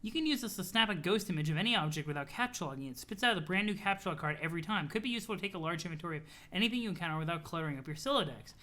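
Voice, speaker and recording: A streamer casually chatting with viewers and reading a webcomic aloud, in an animated, chatty way with casual swearing. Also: medium pitch, racing, few pauses. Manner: thanks chat followers, talks to viewers.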